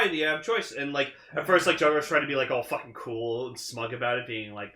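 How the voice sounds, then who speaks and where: A man's voice: medium pitch, fairly even intonation, fast talker, few pauses, pushed and bright, reverberant. A man co-hosting a podcast in casual chat, rambling and swearing with lots of filler words. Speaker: podcast co-host.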